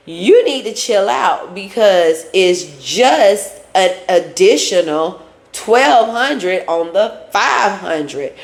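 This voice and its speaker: Slow and creaky, with a fairly high pitch, a woman retells a reality show in a relaxed way. She voices each person's lines, acting out both sides, and sometimes slips into song, all captured in an echoey room.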